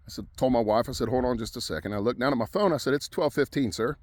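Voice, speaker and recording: A man's voice: mid-range voice, fast talker, darkish tone, no room sound. A middle-aged man from Ohio, a welding instructor, telling a personal story in a folksy, conversational way.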